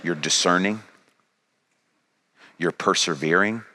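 A man's voice: low voice, takes it slowly, pushed and bright. A man preaching a sermon, paraphrasing Jesus and building to a pressing, rising delivery. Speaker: pastor.

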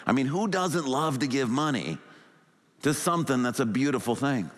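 A male pastor preaching a sermon with animated delivery, acting out quoted thoughts in a rising and falling voice. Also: medium pitch, normal speed, in a large hall. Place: church sanctuary.

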